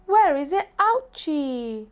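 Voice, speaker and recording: A woman hosting a preschool lesson as a doctor, speaking gently in a slow, exaggerated, sing-song way. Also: sits high, big pitch swings. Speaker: children's show host, doctor.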